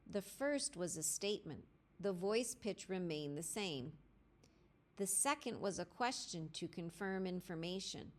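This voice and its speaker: A woman teacher narrating a language lesson, clear and deliberate, spelling out grammar formulas step by step. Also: on the low side, lively intonation. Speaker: French teacher. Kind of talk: slow instructional lesson narration.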